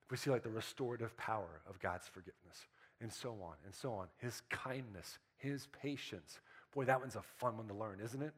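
A man's voice: fairly low pitch, fairly quick, husky. A man preaching a sermon in a casual, conversational way. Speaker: pastor. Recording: soft guitar music behind.

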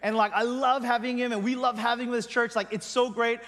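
A male pastor preaching a sermon in a conversational, emphatic way, often dropping his voice quietly at the end of a thought. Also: very high voice, flat delivery, brisk, big-room sound. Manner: conversational, emphatic, trails off quietly at line ends.

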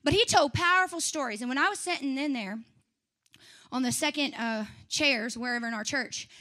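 A young woman preaching a sermon, swinging from fiery shouts to chatty asides. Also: sits high, normal speed. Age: young adult.

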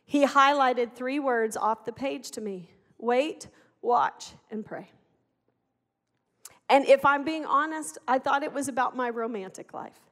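A woman's voice: sits high, measured pace, a bit bright. A middle-aged woman giving an earnest, impassioned sermon testimony. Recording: echoey hall.

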